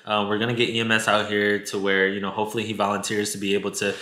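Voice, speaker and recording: Guy doing a calm lady cop, measured and matter-of-fact, a bit lower than his normal voice. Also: reverberant. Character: calm female police officer.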